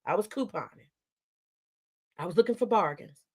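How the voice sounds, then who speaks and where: A woman's voice: mid-range voice, animated, moderate pace, husky. A woman hosting a livestream, ranting at her chat in a confrontational, profane way. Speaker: livestream host.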